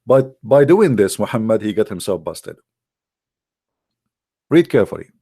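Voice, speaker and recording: A man's voice: lowish voice, sing-song, moderate pace, dark tone, slightly rough, no echo, clean studio sound. A man hosting a live stream, arguing emphatically and scornfully in non-native English, repeating words for effect. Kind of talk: argumentative commentary to a live chat.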